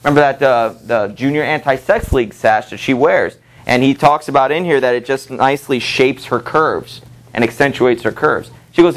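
A man lectures his high school literature class in a relaxed, conversational way, with plenty of fillers and quick asides to the students. He reads passages from the book aloud and voices the characters' lines as he goes. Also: a little hiss or hum.

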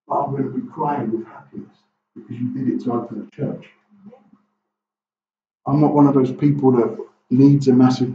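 A man's voice: mid-range voice, noisy background. A man preaching a sermon as pastor, impassioned and firing off rhetorical questions in a church hall. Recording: echoey, distant, dull room recording.

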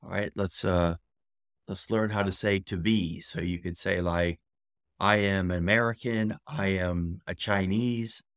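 A deep, low-voiced man leads a beginner language lesson at an unhurried pace. He is patient and steady and repeats each syllable several times to model it. The sound is close and dry, with no room around it. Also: dry recording. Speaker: language teacher.

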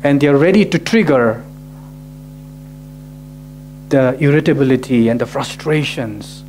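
A man's voice: mid-range voice, unhurried, a little mellow, slight background noise. A male pastor preaching a sermon, asking rhetorical questions and often adding "right?" to his sentences. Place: church gathering.

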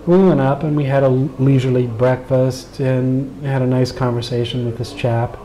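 A middle-aged American man with a Southern accent earnestly tells a personal story as an interview guest, acting out the dialogue animatedly. His mid-range voice moves at normal speed over a rough recording.

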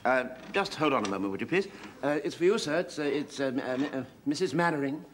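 A vague, politely stammering sergeant, played by a man, his voice drifting up and down. It sits slightly high for a man. An old TV soundtrack with audible hiss. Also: expressive, fast talker, natural voice. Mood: mild. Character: diffident, languid upper-class male sergeant.

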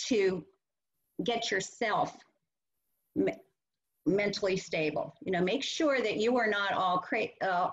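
A woman presenting a workshop and teaching caregivers, earnestly acting out what to say to a child. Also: mid-range voice. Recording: muffled lo-fi webinar audio.

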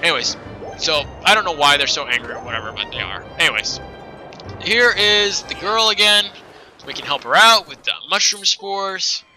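Chatty let's play guy rambling over a game, bright sharp voice, a bit high. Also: lively intonation, normal speed, faint music behind, poor audio. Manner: rambling, self-correcting, chatty. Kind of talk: casual gameplay commentary.

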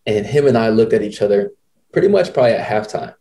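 Mellow-voiced man telling stories. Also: on the low side, fast talker. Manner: animated, slangy, quotes people in his stories. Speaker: podcast host. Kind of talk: casual storytelling.

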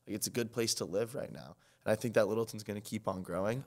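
A teenage boy chats on a school podcast, circling his points with "like" and "um" and frequent restarts. His voice sits on the lower side, relaxed and conversational. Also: quick pace. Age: teens. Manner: rambling, lots of fillers and restarts. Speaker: student podcast co-host. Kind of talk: casual chat. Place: town hall studio.

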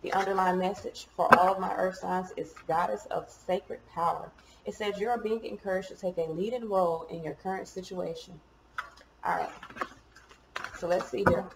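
A woman's voice: on the low side, steady tone, moderate pace, vocal fry, reverberant, noisy background. A woman giving a casual tarot reading, chatty and informal, cursing now and then. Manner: chatty, swears and laughs at herself. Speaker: tarot reader.

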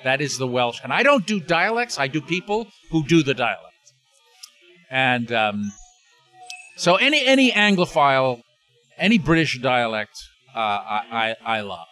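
Older male actor as interview guest, bright forceful tone, rambling delivery with many restarts, faint music underneath. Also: medium pitch, big pitch swings, a little slow. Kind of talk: casual interview chat.

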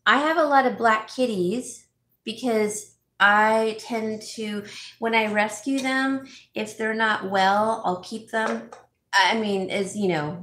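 A woman's voice: mid-range voice, a bit bright, a little hiss or hum. A woman vlogging casually from home, chatting with her viewers in a gushing way and often restarting her sentences. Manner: chatty, gushing, thinks aloud with many restarts. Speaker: home stager and DIY vlogger. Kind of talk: casual live chat reading viewer comments. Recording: roomy echo.

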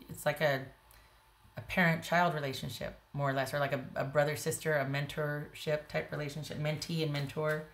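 A woman with a notably low voice gives a casual tarot reading to the camera. She talks bluntly and emphatically, in a conversational flow full of restarts. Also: fairly bright tone. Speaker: tarot reader.

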